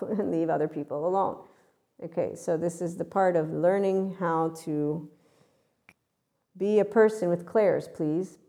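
A woman spiritual teacher with a low, gravelly, mellow voice, speaking bluntly in a channeled spiritual talk. She swears freely and slips into acted voices to make her points.

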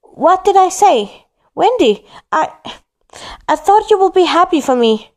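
A woman voicing a puzzled, worried young village man who calls out loudly to someone walking away. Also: high-pitched, sing-song, takes it slowly, creaky, voice pushed up, full character voice. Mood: pleading. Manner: calls out loudly over the wind.

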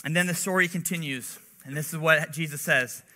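A young man gives a laid-back sermon, chatting like a friend rather than a pulpit orator. His voice sits high and sounds very bright and forceful. He peppers his talk with "like" and personal stories. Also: a little fast. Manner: chatty, relatable, heavy use of "like". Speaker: preacher. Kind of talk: casual conversational sermon.

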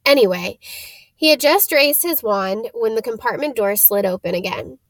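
A woman reads a storybook aloud in a steady voice, tripping now and then over hard names. Her voice sits a little high. The recording is close and dry. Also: normal speed, dry recording. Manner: steady reading with small stumbles. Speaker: reader.

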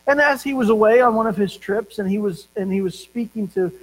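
A man preaching a sermon as pastor, telling stories and slowing down to stress key words. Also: sits high, low-quality recording.

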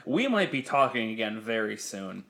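A man's voice: fairly low pitch, big pitch swings, normal speed, gravelly, fairly bright tone. A young man co-hosting a podcast, telling a story in casual, profane chat and laughing often. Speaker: podcast co-host.

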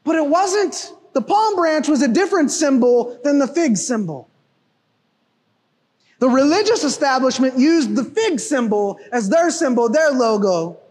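A man with a very high voice preaches a sermon, animated and emphatic, often shouting a point home. His voice rings out with a long reverb, as if recorded in a church hall. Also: unhurried. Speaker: pastor.

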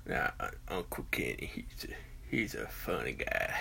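A man's voice: extremely low pitch, sing-song, a little slow, vocal fry, in a whisper. A man in his forties with a Southern US accent, hosting a podcast in a casual, rambling monologue full of fillers and restarts, with folksy country talk. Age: 40s. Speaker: podcast host.

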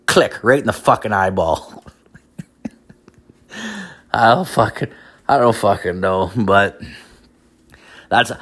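Guy with a lowish voice ranting a foul-mouthed story, young, laughs at his own bits. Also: a bit bright. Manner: crude, swearing constantly, laughing at his own jokes. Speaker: podcast host. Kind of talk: profane storytelling monologue.

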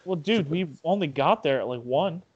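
Telling stories in a casual podcast conversation, a young man swears, laughs, and shoots up in pitch when he plays out his fear. He is expressive and husky at a moderate pace, heard through lo-fi sound.

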